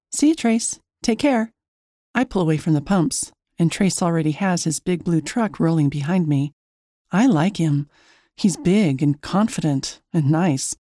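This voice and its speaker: A woman tells a first-person story in a chatty, wry way and pokes fun at herself. Her tone is mellow and soft-edged. The sound is dry and close. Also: sits low, dry recording. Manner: chatty, wry, self-mocking. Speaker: narrator.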